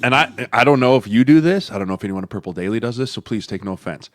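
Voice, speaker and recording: A man co-hosting a football podcast, telling locker-room stories with lively acted-out voices and a habit of saying "right?". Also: medium pitch. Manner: animated storytelling, acts out coaches and players in quick voices, says "right?" a lot. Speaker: podcast co-host, former NFL lineman. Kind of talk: casual sports podcast chat.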